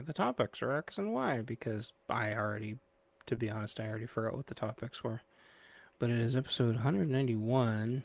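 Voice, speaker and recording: A man's voice: mid-range voice, creaky. A man hosting a podcast livestream, chatting in a scattered, playful way and drifting off mid-sentence while waiting for his guest. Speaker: podcast host. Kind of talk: rambling livestream pre-show chat.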